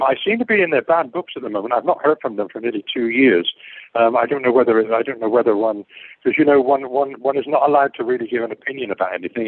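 Older guy rambling through stories on a call, tinny phone sound, kinda husky. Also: medium pitch, no room sound. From England. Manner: digressive, repeats words, loses his thread. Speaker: guest actor. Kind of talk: rambling interview anecdotes. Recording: muffled phone-like call line.

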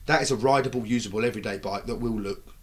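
A middle-aged British man telling stories in a casual chat, lively and swearing freely as he acts out what people said. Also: lowish voice, fast. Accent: British English. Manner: animated, acts out quoted dialogue, swears freely. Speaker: bike builder, guest. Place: recording studio.

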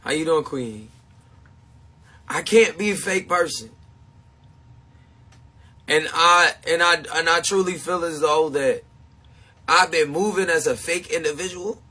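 A man's voice: on the high side, measured pace, pauses often, bright, forceful tone, breathy edge. A man streaming live to his supporters in a casual, emphatic, confessional way. He repeats his points and laughs often between them. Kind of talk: casual livestream chat.

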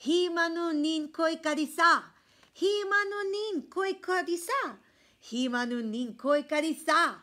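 A woman's voice: extremely high pitch, animated, unhurried, voice pushed up, heavily acted. A woman singing as a cheerful hat seller man. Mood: joyful singing. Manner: sung chant, loud calling.

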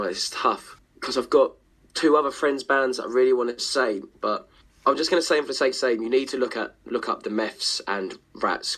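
A man's voice: fairly low pitch, fairly bright tone, breathy edge. Enthusiastic young man, rambling. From Essex, England. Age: 20s. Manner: enthusiastic, rambling, swears freely. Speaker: podcast guest, musician. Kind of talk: casual chat.

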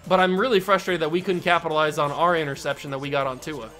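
High-voiced man commentating his own game. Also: quick pace, faint music behind. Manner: self-scolding, exasperated, then animated. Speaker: gaming YouTuber.

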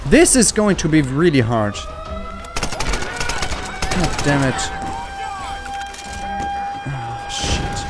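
A man's voice: on the high side, very animated, extremely slow, pauses often, noisy background. Swearing, frustrated male gamer. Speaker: let's play gamer. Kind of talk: gaming commentary.

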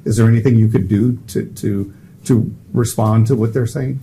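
Man, interviewer, low voice, mellow, halting questions, faint noise. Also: fairly even intonation, vocal fry. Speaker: editorial board member.

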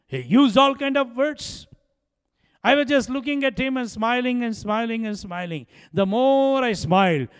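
A man with a high, gravelly voice preaches to his congregation. He tells his story with frequent chuckles and plays both speakers in the dialogue. His words ring out with a long echo, as if in a large hall. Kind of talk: sermon.

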